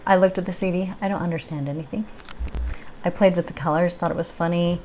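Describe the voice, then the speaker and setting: A woman's voice: lowish voice, fairly even intonation, fast talker, darkish tone, slight background noise. A woman vlogger telling a personal story in a chatty, upbeat way with the odd laugh. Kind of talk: casual chat.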